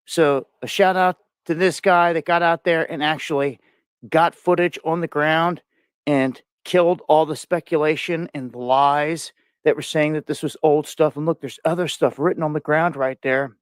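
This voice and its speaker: A man's voice: fairly high pitch, steady tone, normal speed, clear, resonant tone, no echo, studio quality. A man commenting over a screen share, pointing things out in a conspiratorial way.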